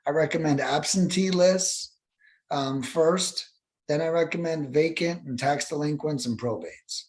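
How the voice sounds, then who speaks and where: Brief: young male guest, slightly higher voice, loose, animated, swears freely. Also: unhurried. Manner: animated, profane, acts out callers in high voices. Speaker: guest, cold calling expert. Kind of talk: casual podcast interview.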